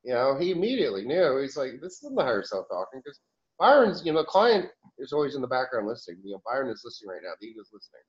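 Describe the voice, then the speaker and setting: A man speaking as a channeled higher self in a question-and-answer session, rambling with restarts and chuckles. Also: big pitch swings, rapid-fire, lo-fi sound.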